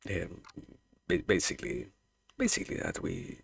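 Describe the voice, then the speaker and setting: A man's voice: sits low, huge pitch swings, normal speed, vocal fry, husky, no room sound. A man from Argentina with an Argentine Spanish accent, chatting casually with viewers as a streamer, hesitant with many fillers and restarts.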